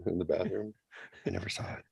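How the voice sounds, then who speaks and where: A man's voice: low voice, fairly even intonation, brisk, vocal fry, breathy edge, dry recording. A man co-hosting a casual chat, playful and encouraging, prodding the others with teasing questions.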